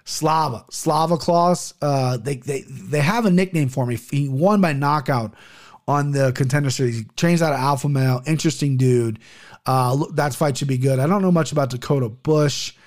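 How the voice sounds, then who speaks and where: A man's voice: medium pitch, moderate pace. A man hosting his own podcast in casual solo chat, rambling, swearing freely and stumbling over names. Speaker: podcast host.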